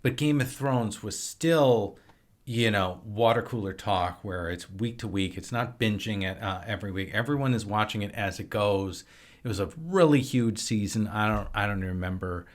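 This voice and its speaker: A man from Wisconsin, a filmmaker and actor, chatting as a podcast guest in a relaxed, rambling storytelling way. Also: fairly low pitch, normal speed. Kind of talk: casual conversation.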